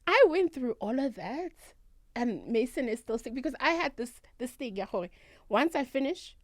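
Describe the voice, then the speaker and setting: A woman's voice: high-pitched, moderate pace, no room sound, studio quality. Emphatic South African woman recounting. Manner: animated, emphatic retelling. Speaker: guest, traditional healer. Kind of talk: candid storytelling interview. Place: radio studio.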